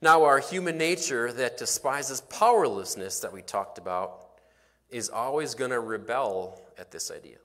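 A man preaching a sermon in a church, telling a story with sudden drops to a near hush for emphasis. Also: medium pitch, animated, moderate pace. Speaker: pastor. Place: church sanctuary.

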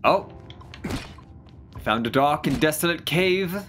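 A gamer giving casual, excitable commentary while playing, often gasping and exclaiming, with the odd casual swear. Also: mid-range voice, slow, soft background music. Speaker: let's play gamer.

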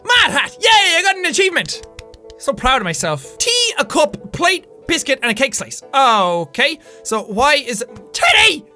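Irish gamer guy yelling and cursing at a tea game, super high pitched and bright. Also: very animated, normal speed, faint music behind. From Ireland. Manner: loud, frantic, swearing and yelling at the game. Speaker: gaming YouTuber. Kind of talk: gameplay commentary.

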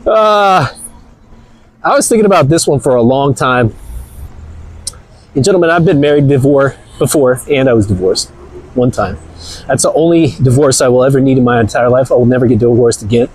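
A man's voice: a little high, darkish tone, slightly rough, low-quality recording. A man hosting a live-stream commentary, talking in a provocative, rambling way with crude jokes. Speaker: channel host.

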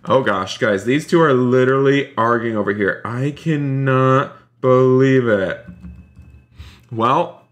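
A man live-streaming a role-play game, excitable, talking straight to his chat. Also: mid-range voice, unhurried, few pauses. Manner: excitable, keeps addressing the chat as "you guys".

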